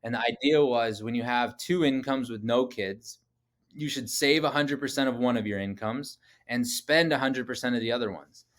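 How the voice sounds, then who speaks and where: This man is a podcast guest in his thirties, chatting through personal stories in a casual interview. His voice sits at an everyday middle pitch. He talks in an animated way, scatters "like" throughout, and slips into acted-out dialogue. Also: normal speed. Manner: animated, acts out quoted dialogue, frequent "like" fillers.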